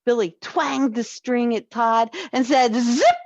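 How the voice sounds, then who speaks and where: A woman reading a children's story aloud, slow and expressive. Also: a little high, dry recording, lo-fi sound. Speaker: story reader.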